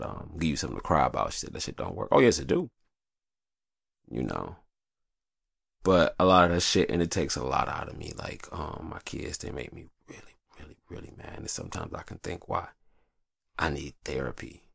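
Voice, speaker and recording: Deep gravelly man, lively, profane. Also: a little fast, no echo, clean studio sound. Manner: profane, rambling, animated storyteller. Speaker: show host. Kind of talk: casual confessional monologue. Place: hot room upstairs.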